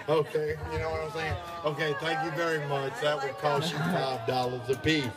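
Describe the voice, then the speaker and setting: A man's voice: a little high, normal speed, hardly any pauses, over music. A man telling crude jokes at an outdoor party, drawling and laughing at his own punchlines. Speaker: joke teller. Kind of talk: crude stand-up joke telling. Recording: distant voice over chatty party crowd.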